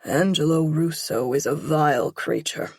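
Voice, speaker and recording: A woman narrator voicing a stern, protective father who speaks hard and measured in an audiobook. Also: low voice, slightly rough, no room sound. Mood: stern, gentle.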